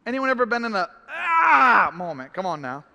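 A man's voice: high-pitched, big pitch swings, quick pace, bright, forceful tone, muffled recording. A man preaching a sermon as pastor, emphatic, repeating phrases and crying out in frustration. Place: church hall. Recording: long hall reverb.

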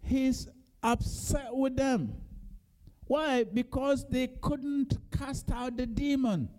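This is a slow sermon in which a man begins with scripture read in a low tone, then climbs into forceful, loud exhortation.

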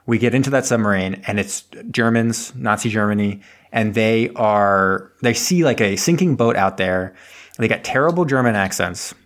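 A man's voice: fairly low pitch, normal speed. A man co-hosting a podcast from home over an internet call, recapping a movie in a rambling, laughing way with many restarts. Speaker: podcast co-host. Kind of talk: casual movie recap chat.

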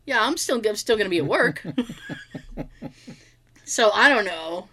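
A woman in casual chat, telling an everyday story in an animated way, acting out both sides of the dialogue and swearing freely. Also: medium pitch, measured pace, slight background noise.

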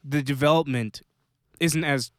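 A man's voice: a little high, dry recording, clean studio sound. A man co-hosting a podcast, chatting casually about a series, with lots of restarts and fillers. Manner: rambling, halting restarts and fillers. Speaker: podcast co-host. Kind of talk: casual chat.

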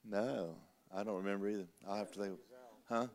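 A man preaching a sermon, pastor of his church, telling a story in a folksy, animated, repetitive way. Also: lowish voice, brisk, long reverb tail.

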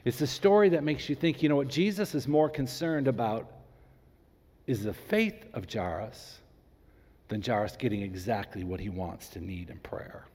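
A man's voice: mid-range voice, slightly rough. Man preaching, acts out the people in his stories, drops almost to a whisper to make a point, big echoey hall. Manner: animated storytelling, acts out the people in his story; slows down and drops to near whisper for emphasis. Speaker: pastor. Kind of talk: sermon. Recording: long hall reverb.

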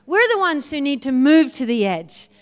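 Woman preacher, lively storyteller, higher voice. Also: moderate pace. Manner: lively storytelling, laughs often, acts out quoted voices. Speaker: guest preacher. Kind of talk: sermon with personal stories.

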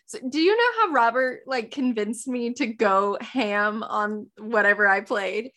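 A young woman hosts a casual podcast chat, her voice sitting high. She tells her stories in a loose, rambling way, circling back with fillers and restarts as she goes. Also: measured pace. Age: young adult. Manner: rambling animated storytelling, many fillers and restarts. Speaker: podcast host.

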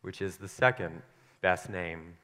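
Young man, preacher, casual conversational sermon, playful, self-deprecating, bright voice, long church-hall reverb. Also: low-pitched, a little slow. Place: church sanctuary.

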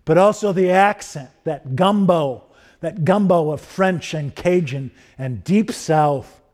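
A middle-aged man preaching a sermon, building through repeated rhetorical questions and softening into personal stories. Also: fairly high pitch, slow. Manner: rhetorical questions, rising emphasis. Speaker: pastor.

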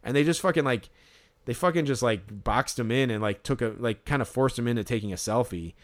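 A man's voice: medium pitch, fairly quick. A man co-hosting a podcast, telling a story in a rambling, casual way, swearing often and saying "like" constantly. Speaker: podcast co-host.

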